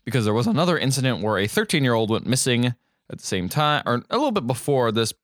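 A man's voice: mid-range voice, sing-song, fast, dry recording, clean studio sound. A man co-hosting a podcast, casually recapping a horror movie with jokes and silly voices. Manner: jokey, recaps plot with silly put-on voices. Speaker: podcast co-host.

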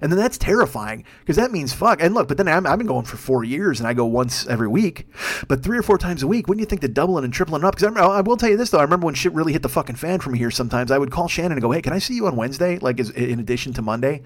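A man's voice: a little high, sing-song, very fast. A man hosting a podcast on his own, rambling in a profane, self-deprecating monologue full of restarts. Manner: frequent restarts and stammers. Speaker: podcast host. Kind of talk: casual solo monologue.

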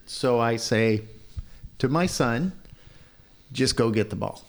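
A middle-aged man with a mid-range voice tells a story in a relaxed, chatty way. He lifts his voice sharply when he acts out what people said. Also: slow pace, gravelly. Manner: animated when quoting, raises pitch for dialogue. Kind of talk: storytelling in casual chat.

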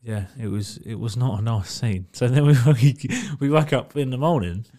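The speaker is a male podcast co-host with a warm, medium-pitched voice and an unhurried, moderate pace. He laughs his way through a wandering story full of swearing.

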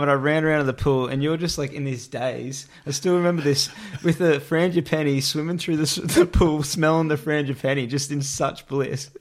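A man's voice: fairly high pitch, steady tone, a little fast, hardly any pauses. An Australian man telling rambling, slangy stories as a guest in a casual chat. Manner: laid-back, slangy, rambling. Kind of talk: casual storytelling.

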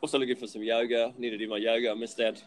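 A man's voice: medium pitch, little pitch movement, racing, slight background noise, poor audio. A man co-hosting a podcast, chatting casually in an offhand way with dry humour. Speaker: podcast co-host.

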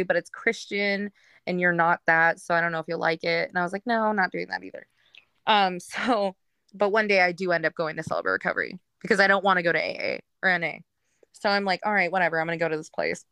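A woman with a bright, clear voice tells her own story frankly, her talk loose and full of fillers. The sound is dry and close, with no room around it. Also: fairly low pitch, fast talker, dry recording. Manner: frank, rambling, with frequent fillers and laughs. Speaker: guest telling her recovery story. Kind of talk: candid personal storytelling.

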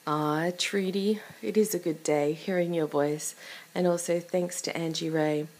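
A woman with a hoarse, sick voice chatting casually to listeners while she cooks, often half-whispering, with an accent from outside the US. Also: lowish voice, fairly even intonation, a little slow, a little mellow. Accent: non-US English. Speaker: podcast host. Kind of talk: casual chat while cooking.

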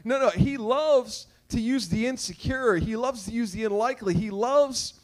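Male pastor, sermon, high voice, emphatic, repetitive, asks the crowd questions, jokes. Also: fairly quick, hardly any pauses.

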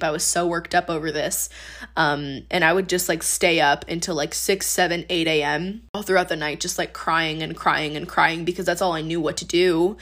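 A woman's voice: fairly low pitch, fairly bright tone. A woman in her twenties, a podcast host, sharing her faith testimony in a casual, earnest way full of "like". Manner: casual, earnest, heavy use of "like".

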